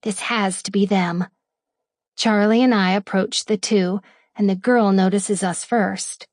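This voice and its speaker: A woman reading a first-person romance audiobook in a playful manner, lingering over the words with breathy asides. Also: mid-range voice, steady tone, measured pace, a little mellow, no room sound, studio quality. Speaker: audiobook narrator.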